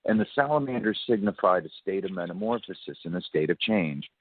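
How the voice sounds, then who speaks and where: A man on a radio talk show, telling a story in a chatty, animated way, acting out what people said and laughing often. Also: low voice, fairly quick, a little hiss or hum. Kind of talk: casual phone-in storytelling. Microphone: telephone. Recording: tinny phone line.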